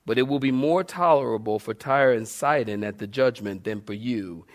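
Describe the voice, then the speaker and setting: A male pastor, preaching a sermon and telling a personal story in an animated way, often laughing as he talks. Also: medium pitch, moderate pace.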